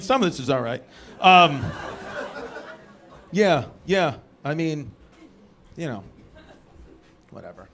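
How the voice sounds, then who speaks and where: A man with a New York accent doing stand-up crowd work in a comedy club, teasing people in the front row with loose, quick jabs. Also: on the high side, a little hiss or hum. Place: comedy club stage with a live audience. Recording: loud laughing crowd in a club.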